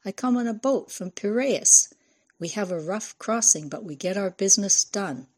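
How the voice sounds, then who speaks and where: A woman's voice: medium pitch, lively intonation, normal speed, darkish tone, breathy edge. A woman reading the part of a charming, teasing Greek male sailor with a Greek accent. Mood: playful.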